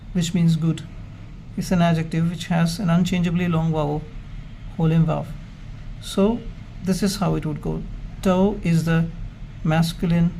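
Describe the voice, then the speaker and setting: A man with a gravelly, mellow voice teaching a grammar lesson. He speaks very slowly and methodically, pausing between phrases. Faint noise and passing traffic can be heard in the background. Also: a little high. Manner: measured, stepwise explaining with pauses. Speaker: Hebrew grammar lecturer.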